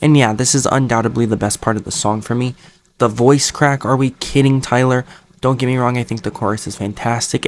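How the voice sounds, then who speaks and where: An enthusiastic man talks through his favorite parts of an album in a casual, chatty way. He speaks like an excited fan and adds playful jokes here and there. His voice sits at an ordinary middle pitch for a man. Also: a little hiss or hum. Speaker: music reviewer YouTuber. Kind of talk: casual album review monologue.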